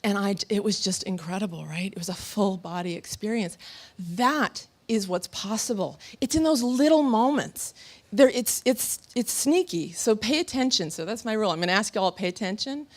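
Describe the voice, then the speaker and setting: A woman in her thirties giving a motivational talk on stage before a live audience, telling stories with animated energy and laughter. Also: medium pitch, normal speed. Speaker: motivational speaker.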